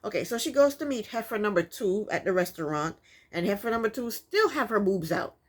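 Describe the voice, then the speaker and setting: A woman's voice: medium pitch, expressive, fairly quick. A woman giving a casual, opinionated recap of a reality TV episode, sassy and exasperated. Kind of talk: casual commentary.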